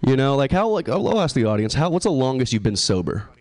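A man's voice: mid-range voice, sing-song, fast, a little mellow. Profane, self-deprecating young man at an open mic. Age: 20s. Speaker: stand-up comedian. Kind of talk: open mic stand-up set. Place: open mic comedy show.

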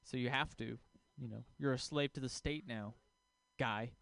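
Deadpan stand-up man, smooth voice. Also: mid-range voice, no room sound. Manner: deadpan, one-liners with pauses. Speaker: stand-up comedian. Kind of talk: stand-up set.

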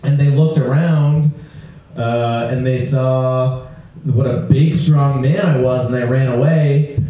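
Deadpan stand-up comic in an echoey room. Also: male voice, medium pitch. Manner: deadpan, self-mocking, slows for punchlines. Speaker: stand-up comedian. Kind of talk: open-mic stand-up set. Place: small comedy venue. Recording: roomy live recording from far off, dull sound.

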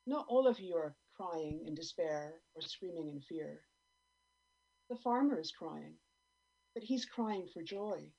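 A woman performing a dramatic spoken word piece, theatrical, swinging between loud and soft. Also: fairly low pitch, slightly rough. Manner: theatrical, with sudden swings in loudness and pace. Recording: dull lo-fi radio recording.

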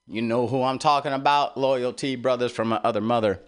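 A man's voice: mid-range voice, fairly even intonation, a little fast, few pauses, clear, resonant tone, faint music behind. Rambling, swearing male radio host. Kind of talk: rambling personal monologue.

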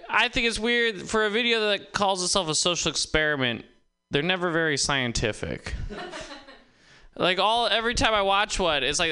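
Gravelly, bright-voiced male stand-up comic. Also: mid-range voice. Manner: rambling, self-interrupting, laughing at own jokes. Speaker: stand-up comedian. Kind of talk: stand-up comedy set. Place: comedy open mic with live audience.

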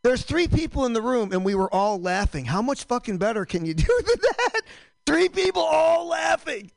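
Man, high voice, gravelly, rambling profane stand-up host, dry close sound. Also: sing-song, normal speed, no room sound, rough recording. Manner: rambling, self-interrupting, profane. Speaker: comedy show host. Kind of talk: stand-up comedy. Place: small comedy room.

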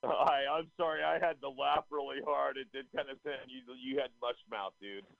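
A man's voice: medium pitch, steady tone, moderate pace, vocal fry, dry recording. A man guesting on a podcast in casual chat, laid-back and easily amused. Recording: dull dry lo-fi line.

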